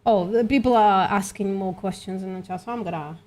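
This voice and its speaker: On her livestream of outreach calls, a woman with a mid-range, darkish voice talks a little fast while debating casually over voice chat. She is slightly losing her voice and thinks out loud, using lots of fillers.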